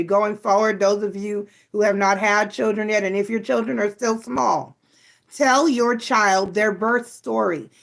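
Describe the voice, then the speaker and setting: A woman's voice: mid-range voice, creaky. A middle-aged woman hosting a tarot channel, chatting casually and playfully with her viewers, full of teasing asides. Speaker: tarot reader and channel host.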